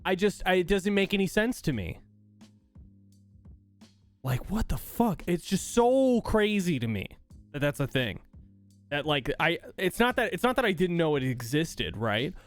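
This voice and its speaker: A man with a slightly higher voice talks casually to his stream chat, swearing often and sounding fed up. His rant is heated and exasperated. Soft music plays faintly underneath. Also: big pitch swings, a little slow, long pauses. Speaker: streamer host.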